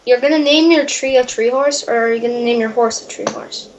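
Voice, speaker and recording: A woman's voice: a little high, fairly quick, a little hiss or hum, poor audio. A woman new to the game, chatting casually, unsure and full of questions. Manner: unsure and hesitant, asks lots of questions. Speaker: new player. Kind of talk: casual gameplay chat.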